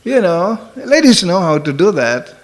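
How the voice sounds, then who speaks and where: Over some background noise, an older male spiritual teacher tells funny stories as part of a sermon. His voice is high and very animated, yet his pace is unhurried, and he keeps saying "you know" and chuckling at his own jokes.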